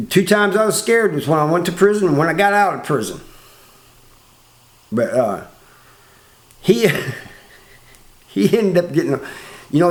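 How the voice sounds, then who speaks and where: An older man with a Southern American accent tells a prison story in a laid-back, drawling way and often repeats words. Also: medium pitch. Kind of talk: casual spoken storytelling. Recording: roomy echo.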